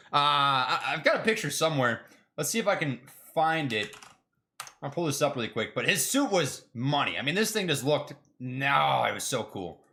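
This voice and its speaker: Young man, trading livestream host, casual, slangy, jokey, high bright voice. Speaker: stock trading streamer.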